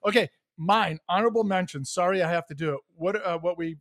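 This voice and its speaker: High-voiced man firing off movie quotes. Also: fairly bright tone, dry recording, clean studio sound. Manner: eager, quick agreeing interjections. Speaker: podcast co-host. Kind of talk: casual chat.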